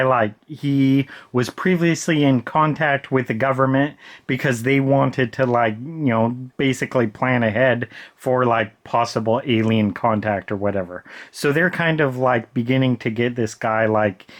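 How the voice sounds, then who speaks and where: A man's voice: mid-range voice, moderate pace. Male book reviewer, exasperated casual rant, filler-heavy, insulting. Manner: exasperated, repeatedly insulting a character; casual, many filler words.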